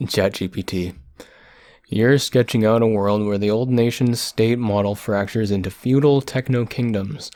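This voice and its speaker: A man from Canada reading text aloud with halting, self-correcting delivery and apologetic spoken asides, his voice going hoarse, close to the microphone. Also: fairly low pitch, fairly even intonation, darkish tone, no echo. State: voice going hoarse from long talking. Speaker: solo podcaster. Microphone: microphone close to the mouth.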